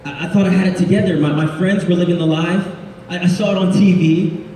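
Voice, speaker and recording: A man's voice: high voice, fairly even intonation, fairly quick, mellow, a little hiss or hum, natural voice. A man voicing a broke young prodigal son who whines about his ruined life, in a big echoey hall. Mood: bewildered. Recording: echoey hall, speaker far from mic.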